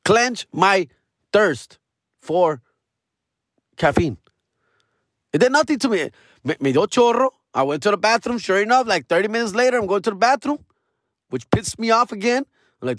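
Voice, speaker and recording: A young man rants through a comic story, swearing freely and dropping Spanish words. His voice sits high for a man and swings widely in pitch. The sound is close and dry, with no room around it. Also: normal speed, long pauses, no echo. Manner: profane, ranting, animated, slips into Spanish. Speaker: podcast host. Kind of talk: comedic storytelling rant.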